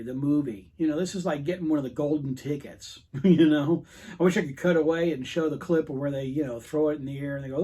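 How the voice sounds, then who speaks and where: A man who runs his own record collecting channel rants casually to camera, telling a rambling, frustrated story full of quoted dialogue. His voice is a little high, darkish, and husky.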